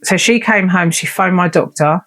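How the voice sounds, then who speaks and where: A woman's voice: on the low side, normal speed, fairly bright tone. Candid woman telling her story. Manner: candid and unfiltered, swears, acts out remembered conversations. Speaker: vlogger. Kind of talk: personal storytelling monologue.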